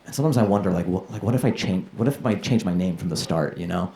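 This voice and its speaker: A man's voice: sits low, quick pace, vocal fry, dark tone, a little hiss or hum. A man performing a stand-up comedy set, chatting loosely with the crowd and acting out voices. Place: comedy club stage. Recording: roomy club with crowd laughter. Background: laughing audience.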